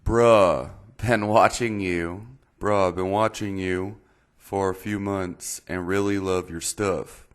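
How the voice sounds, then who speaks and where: A man's voice: sits low, fairly even intonation, slow pace, clear, resonant tone, pitched above the performer's own voice. A man reading out a message in a put-on Texas accent, voicing a laid-back young Texan guy. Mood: casual. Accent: put-on Texas drawl. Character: casual young Texan guy asking a question.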